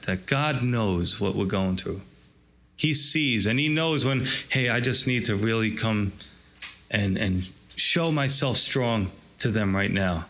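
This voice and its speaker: A man's voice: medium pitch, a bit bright. A male pastor giving a conversational sermon and reading scripture aloud. He talks informally and keeps asking the congregation rhetorical questions. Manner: informal and folksy, addressing listeners as "gang".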